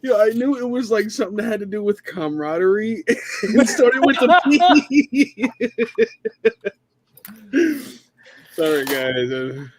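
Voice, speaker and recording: A man's voice: sits high, sing-song, slow, pauses often, over a noisy crowd. A man bantering on a livestream, giggling often and swearing casually.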